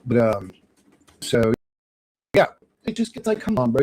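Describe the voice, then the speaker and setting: A young man hosting a livestream from a dark bedroom, talking to his chat in a rambling, profane rant that flares into angry outbursts. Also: medium pitch, sing-song, unhurried, long pauses, no echo, low-quality recording. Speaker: livestream host. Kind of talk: casual ranting talk to chat.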